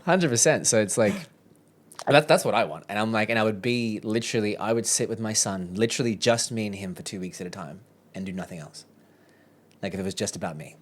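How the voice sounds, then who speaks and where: A man's voice: lowish voice, brisk, slight background noise. A man with an Australian accent, a podcast guest telling a personal story in a chatty, candid way, often quoting his own thoughts and laughing as he goes.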